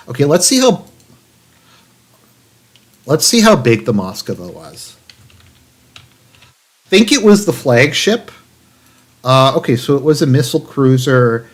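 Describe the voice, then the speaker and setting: A man's voice: medium pitch, very animated, moderate pace, pauses often. A man streaming live commentary, reading an article aloud in a raised, mock-dramatic tone and cutting in with dry, profane, sarcastic asides full of fillers. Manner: profane, rambling, many fillers.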